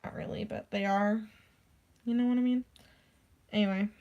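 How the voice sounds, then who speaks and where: A young woman chatting casually to camera in a middle-pitched voice. She rambles, stacks "like" fillers and swears offhandedly. Her delivery is loose and conversational. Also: steady tone, normal speed, lo-fi sound. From United States. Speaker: vlogger. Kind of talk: casual rant.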